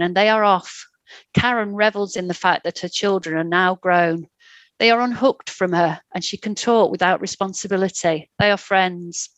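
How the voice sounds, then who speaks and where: Woman, calm storyteller, low pitch, dry close recording. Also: no echo. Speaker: podcast guest reading her story. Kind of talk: reading a short story aloud.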